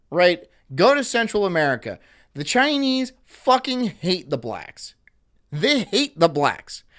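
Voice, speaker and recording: A man's voice: mid-range voice, a bit bright. A man hosting a livestream, ranting profanely and animatedly about news clips. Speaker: livestream host.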